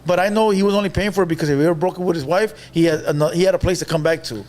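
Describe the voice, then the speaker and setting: A man's voice: high voice, racing. A young man, casually telling a story on a podcast and mixing in Spanish slang. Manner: animated storyteller, mixes Spanish slang, acts out quotes.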